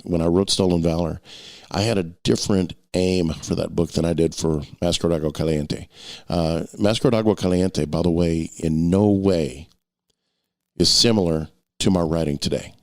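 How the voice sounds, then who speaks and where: A man's voice: low voice, darkish tone, dry recording, clean studio sound. A middle-aged man and novelist talking casually to camera in a rambling, long-winded way with frequent restarts.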